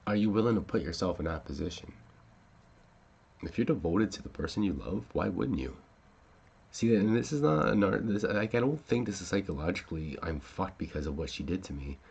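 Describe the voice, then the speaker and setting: A man's voice: low voice, expressive, brisk, creaky, a little mellow, husky, muffled recording. A man hosting a casual talk show, rambling with many fillers and restarts and swearing when upset. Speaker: podcast host.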